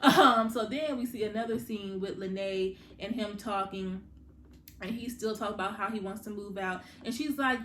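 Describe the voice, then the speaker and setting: A woman hosting a casual TV recap, chatting directly to her viewers and quickly paraphrasing what the characters said. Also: medium pitch, a bit bright. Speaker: TV recap host. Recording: roomy echo with faint background hum.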